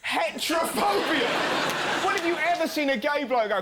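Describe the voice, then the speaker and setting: A man's voice: very high-pitched, animated, normal speed, heavy background noise. A man hosting a topical stand-up comedy show, cheeky and mock-outraged, over studio audience laughter.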